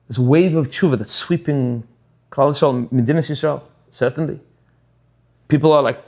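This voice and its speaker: Expressive high-voiced rabbi teaching. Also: male voice, a little fast. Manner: expressive storytelling, dipping low for asides. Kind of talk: Torah class teaching.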